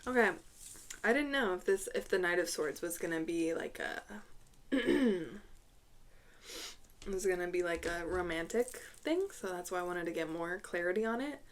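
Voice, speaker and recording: A woman giving an intuitive tarot reading to camera, speaking haltingly, repeating words, clearing her throat, and dropping to a hushed voice when she names cards. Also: lowish voice, animated. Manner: soft, hushed drops when naming cards. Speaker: tarot reader.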